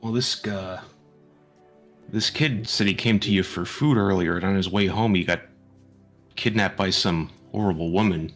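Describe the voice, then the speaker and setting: Deep-voiced male player. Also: normal speed, fairly bright tone, soft background music. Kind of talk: tabletop game play.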